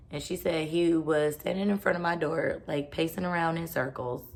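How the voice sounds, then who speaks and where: A woman's voice: sits low, creaky. A woman vlogger telling a personal story in a blunt, casual rant, swearing freely and filling her talk with "like". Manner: blunt, profane, heavy use of "like".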